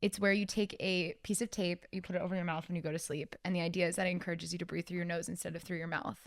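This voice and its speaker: Young woman, podcast co-host, joking and lively, fond of correcting others; dry close-mic sound. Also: lowish voice, rapid-fire, no echo. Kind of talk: casual podcast chat.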